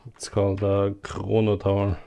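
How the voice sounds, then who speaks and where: A man's voice: on the low side, monotone, normal speed, gravelly, dark tone. A young man streaming a game, out of breath and exasperated, chatting casually and trailing off. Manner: exasperated, trailing off, says bro. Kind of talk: casual live-stream chat.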